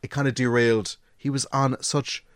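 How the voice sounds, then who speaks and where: Man explaining, measured. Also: mid-range voice, flat delivery. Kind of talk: casual chat.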